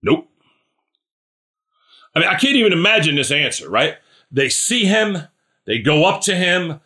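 A man preaching a relaxed, conversational sermon. He keeps checking in with the congregation and calls on listeners by name. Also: a little high, normal speed. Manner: chatty, asks listeners questions by name; animated, acts out scripture characters. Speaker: pastor.

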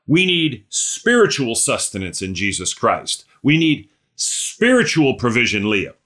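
A man preaching a sermon. His voice is bright and forceful at a middle pitch. He leans hard on key lines, then drops into hushed, mumbled asides. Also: huge pitch swings, unhurried. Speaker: pastor.

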